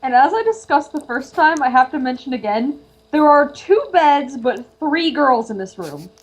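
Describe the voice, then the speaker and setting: A young woman chimes in over a voice call with teasing, wry remarks while her friend reads a game aloud. Her voice sits high. She speaks casually and dryly. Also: expressive, normal speed. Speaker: co-op game co-host.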